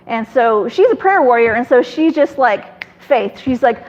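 High-voiced chatty woman storyteller. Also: animated, unhurried, dull audio. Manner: chatty, acts out other people in quoted dialogue. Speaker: guest telling her faith testimony. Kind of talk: casual personal storytelling.

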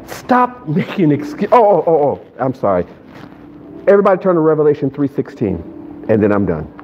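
Very animated and brisk, this preacher's voice sits on the high side as he addresses a live congregation during a church service. He mixes jokey, playful asides with call-and-response, captured in a slightly dull recording with a little background noise.

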